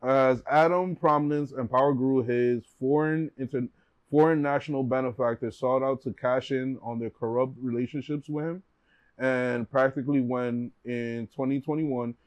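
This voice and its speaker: A man's voice: mid-range voice, steady tone, normal speed, no room sound, highs cut off. A man from New York hosting a podcast, reading a news story aloud in a casual way. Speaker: podcast host.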